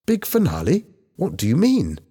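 A man voicing Mister Penny, a calm, sensible economics teacher who speaks in a measured, reasonable way. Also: medium pitch, breathy edge, pitched above the performer's own voice, full character voice.

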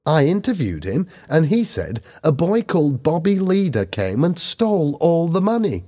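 A man's voice: on the high side, very animated, normal speed, mellow, voice pushed up. A man doing a matter-of-fact teenage reporter. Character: teenage schoolboy reporter, ambitious.

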